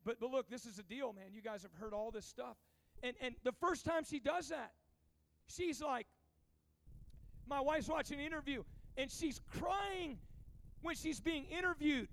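A man's voice: very high-pitched, moderate pace, vocal fry, long pauses, fairly bright tone. A man preaching an urgent sermon to teenagers at a youth camp, stumbling and repeating words as he pushes on. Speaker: pastor. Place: large hall at a youth camp. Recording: reverberant hall.

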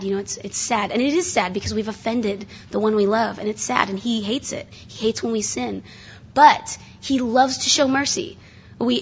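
Earnest woman preaching, husky voice. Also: mid-range voice. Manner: earnest, casual, with frequent restarts and fillers. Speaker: conference seminar speaker. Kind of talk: conversational sermon. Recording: dull lo-fi recording.

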